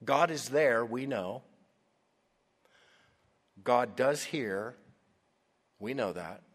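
Male pastor, unhurried dramatic sermon delivery, long church reverb. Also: medium pitch, expressive. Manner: dramatic, swings from hushed to loud. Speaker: preacher.

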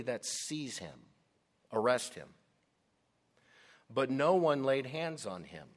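Slow, emphatic male preacher in a hall. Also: mid-range voice. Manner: emphatic preaching, slow and deliberate with dramatic stresses. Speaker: pastor. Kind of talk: sermon.

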